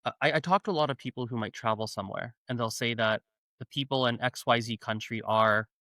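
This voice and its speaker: A man's voice: mid-range voice, fast talker, bright, forceful tone, dry recording, studio quality. A man hosting a podcast in casual conversation, talkative and giving long examples from personal experience. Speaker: podcast host.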